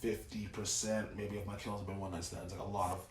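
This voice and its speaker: A man's voice: sits low, flat delivery, a little fast. A young man co-hosting a casual podcast, rambling and profane, packing his talk with "like" and "you know what I mean". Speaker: podcast co-host. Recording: echoey room.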